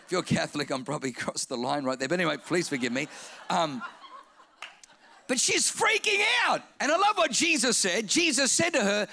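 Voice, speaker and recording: A man preaching a sermon in an animated, comic way, repeating phrases and acting out voices. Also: high-pitched, brisk, creaky.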